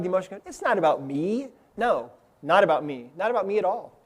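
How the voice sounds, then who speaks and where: A man's voice: sits high, lively intonation, brisk, breathy edge. A man giving an inspirational seminar talk, telling a story earnestly and often checking in with the audience. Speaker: seminar speaker. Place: seminar room with live audience.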